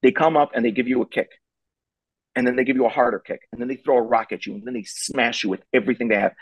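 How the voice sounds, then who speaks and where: A man's voice: medium pitch, lively intonation, fast talker, breathy edge, no echo, poor audio. A middle-aged man giving parenting advice as a guest, telling a story emphatically and repeating his key points.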